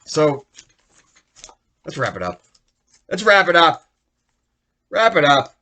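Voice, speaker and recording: A young man hosting a solo podcast, ranting about sports in a profane, rambling, excitable way. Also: fairly high pitch, slow pace. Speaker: podcast host.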